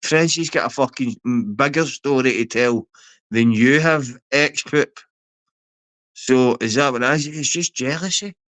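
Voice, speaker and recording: On a livestream, a man from Glasgow with a Glaswegian accent goes after a rival, taunting him and swearing in a confrontational rant. He has a mid-range, slightly bright voice at normal speed, and there's no room sound.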